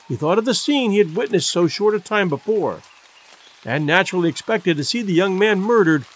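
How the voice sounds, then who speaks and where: A man reading a classic adventure novel aloud as audiobook narrator, measured and expressive. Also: sits high, a little hiss or hum. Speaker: audiobook reader. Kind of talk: scripted narration.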